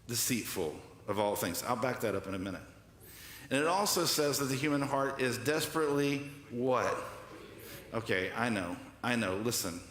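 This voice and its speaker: A man's voice: medium pitch, a bit bright. Pastor guy preaching, jokey and chatty, roomy echo all around. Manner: joking, conversational, calls for congregation responses. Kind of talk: sermon. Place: church hall. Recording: echoey hall with long reverb.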